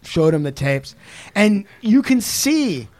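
A man co-hosting a podcast, casually retelling a true-crime story, animated and swearing freely as he acts out quotes. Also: high-pitched, slow. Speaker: podcast co-host.

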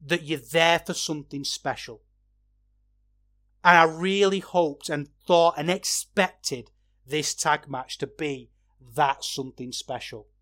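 A man, a wrestling podcaster, talking through a match review in a casual, chatty way that gets animated when he rants. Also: on the high side, slow pace.

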